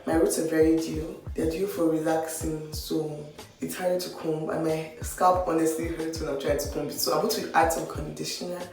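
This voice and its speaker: A young beauty vlogger chats about her hair in a low, gravelly, darkish voice with little pitch movement and a moderate pace. She mocks herself and says "like" constantly, talking casually to camera and in voice-over, with a roomy echo and faint music behind her.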